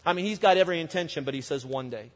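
A man's voice: sits high, rapid-fire. A man preaching a sermon as pastor, in a conversational way full of "you know" and "I mean". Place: church. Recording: long reverb of a church hall.

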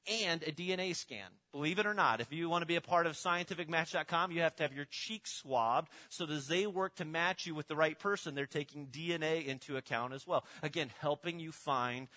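A man's voice: on the high side, brisk, hardly any pauses, sharp tone. A middle-aged man, a pastor giving a conversational sermon, often restarting and repeating words as he talks through props.

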